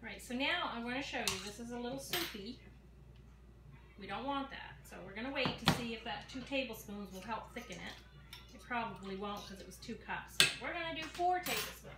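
A woman's voice: on the high side, animated, fairly quick. Chatty sixty-year-old woman in an echoey kitchen. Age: 60s. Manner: chatty, folksy, talks straight to viewers. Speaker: home cooking vlogger. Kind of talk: casual cooking chat to camera. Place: home kitchen. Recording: echoey kitchen with clear background noise.

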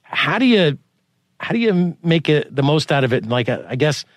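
A man hosting a podcast interview, asking long rambling questions with many restarts and sudden rises in pitch. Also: big pitch swings, normal speed, no room sound. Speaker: podcast host. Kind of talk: conversational interview.

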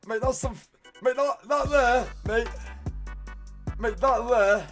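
A British man streaming live, reacting to viewers' meals with excited outbursts and constant "mate". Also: extremely high pitch, takes it slowly, soft background music.

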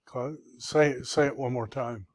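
A man's voice: mid-range voice, fairly even intonation, unhurried, no echo. A man teaching a classroom review, sounding words out syllable by syllable with patient encouragement. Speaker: Hebrew teacher.

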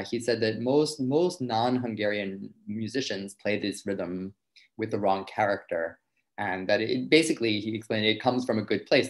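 A man, a violinist, giving an informal lecture, explaining ideas thoughtfully and often restarting his sentences. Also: lowish voice.

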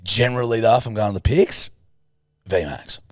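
A man's voice: on the low side, moderate pace, dry recording, studio quality. A man with an Australian accent co-hosting a podcast in crude, teasing banter. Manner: crude, teasing, jokey voices. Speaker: podcast co-host. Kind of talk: casual banter.

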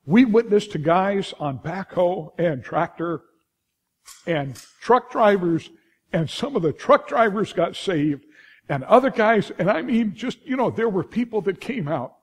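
A middle-aged man with a Californian accent, preaching a sermon in a lively storytelling way, full of restarts and asides to the congregation. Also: high voice, a little slow, slightly rough. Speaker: pastor.

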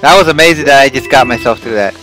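A man playing a platform game and commenting, often yelling and cursing at enemies, then calming down to chat with his viewers. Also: medium pitch, fast talker, soft background music. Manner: excitable, swearing, yelling at the game. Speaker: let's play host. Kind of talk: gameplay commentary.

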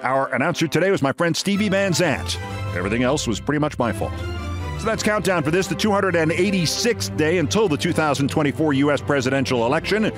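A man's voice: a little high, animated, fast, over music. A man hosting a podcast, delivering a scripted commentary monologue with sardonic, emphatic storytelling. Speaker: podcast host.

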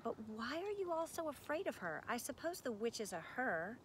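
Woman narrator doing storybook heroine, young girl, firm and earnest, lifted pitch. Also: big pitch swings, slight background noise. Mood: puzzled. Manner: earnest, firm, quick to question.

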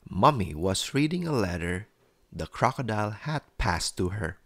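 A man reading a children's bedtime story aloud as storyteller, soothing and expressive. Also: fairly low pitch, normal speed.

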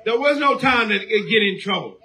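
High-voiced preacher man shouting sermon. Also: expressive, normal speed. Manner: preaching call-and-response, rising to shouts.

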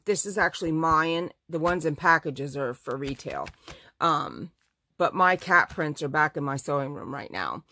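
A woman's voice: low-pitched, sharp tone. A woman who owns a fabric shop, chatting through a casual live showcase of her fabrics. She gushes over the prints and corrects herself mid-sentence.

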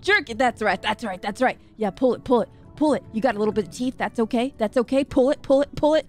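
Giggly young woman gamer, fairly high and bouncy voice, faint music underneath. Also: fast talker, few pauses. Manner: loud, giggly, jokey country-girl banter. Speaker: streamer playing a fishing game. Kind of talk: excitable gaming commentary.

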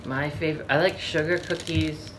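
A man hosting a casual home baking video, making dry, deadpan quips. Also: a little high, normal speed. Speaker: channel host. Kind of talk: casual chat while baking. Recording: noisy home recording.

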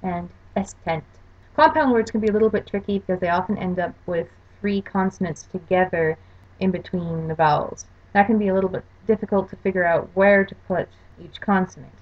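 A woman's voice: on the low side, a little fast. Woman lecturing over slides, lo-fi. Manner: explanatory, careful spelling-out of examples. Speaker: language course lecturer. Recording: dull lo-fi recording.

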